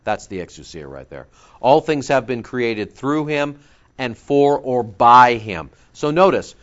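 Lively, conversational male preacher. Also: medium pitch, unhurried, lo-fi sound. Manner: lively, conversational preaching with asides and self-corrections. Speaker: pastor. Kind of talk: sermon.

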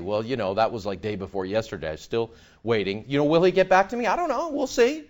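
Guy preaching a sermon, really animated, voice jumps all over, does little voices for people he quotes. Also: medium pitch, quick pace. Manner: animated, mimics voices in anecdotes. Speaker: pastor.

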